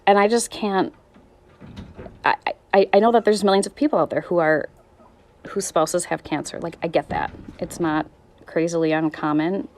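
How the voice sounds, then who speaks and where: A woman's voice: on the low side, steady tone, normal speed, long pauses, darkish tone, slight background noise. A woman in her thirties talking candidly in a personal vlog, weary and struggling, rambling and trailing off mid-thought. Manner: raw, rambling, restarts and trails off. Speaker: vlogger.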